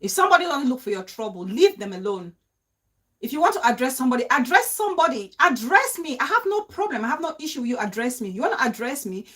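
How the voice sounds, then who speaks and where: Emphatic Cameroonian woman, high lively voice. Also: fast talker. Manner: emphatic, repeats points as rhetorical questions. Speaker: vlogger hosting a live stream. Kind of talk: live-stream vlog, reading viewer comments.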